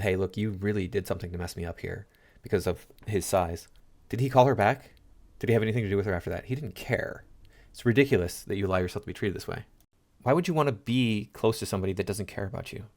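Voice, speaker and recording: Brief: male commentary host, lowish voice, indignant lecturing rant. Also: quick pace. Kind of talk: reaction commentary.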